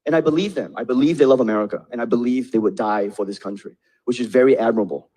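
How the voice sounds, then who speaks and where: A man's voice: medium pitch, fast, dark tone. A man doing a stand-up comedy set, joking and laughing through his punchlines.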